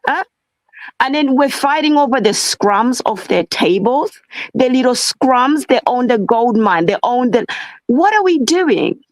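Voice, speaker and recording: A woman's voice: high-pitched, lively intonation, unhurried, no echo, poor audio. A woman in an impassioned discussion, talking fervently, asking rhetorical questions and lecturing her listeners. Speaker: guest.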